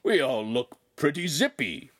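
A man's voice: on the high side, very animated, a little slow, fairly bright tone, breathy edge, voice pushed up, full character voice. A man voicing a jovial, fatherly older craftsman in an audiobook reading.

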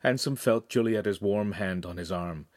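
A man reading a young adult novel aloud in calm, scripted narration. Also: lowish voice, normal speed, dry recording, studio quality. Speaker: audiobook reader.

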